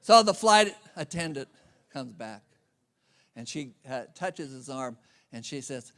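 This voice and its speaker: A man's voice: medium pitch, expressive, a little slow, pauses often, fairly bright tone. A man giving a conference speech, telling a humorous self-deprecating travel story. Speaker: conference speaker. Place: conference venue.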